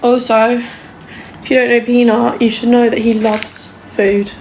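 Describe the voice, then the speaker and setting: A woman's voice: on the high side, flat delivery, unhurried. A young woman from England, live-streaming casually from her home kitchen and cooing baby talk to her dog. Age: young adult. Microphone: phone livestream. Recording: loud crowd noise behind.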